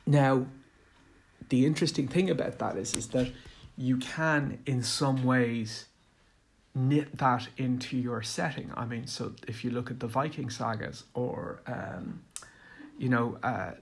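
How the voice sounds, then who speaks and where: A man's voice: mid-range voice, takes it slowly. A man giving a rambling casual monologue on running tabletop games, hesitant with many fillers and restarts. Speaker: tabletop game commentator.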